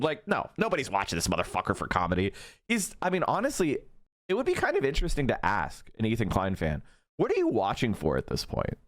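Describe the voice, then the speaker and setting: A man's voice: mid-range voice, wildly swooping pitch, fast talker, dry recording. A man in his thirties ranting profanely and mockingly during a live stream commentary.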